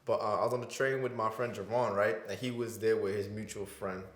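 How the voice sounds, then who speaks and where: Animated storytelling man, echoey room. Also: lowish voice, a little fast, a little hiss or hum. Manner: animated, laughs a lot, says "right?" often. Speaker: podcast host. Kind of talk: casual storytelling.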